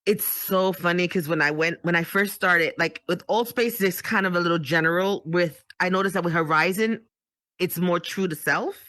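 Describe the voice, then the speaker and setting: A woman's voice: lowish voice, normal speed, fairly bright tone, dry recording, clean studio sound. A middle-aged woman chatting casually as a guest, full of "you know" fillers. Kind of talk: casual chat.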